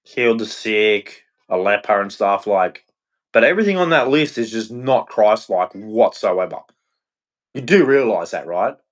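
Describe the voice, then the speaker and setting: A man ranting on his own, heated and profane, turning preachy at times and swinging between shouting and muttering. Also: lowish voice, animated, a little slow. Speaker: vlogger. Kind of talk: angry solo rant.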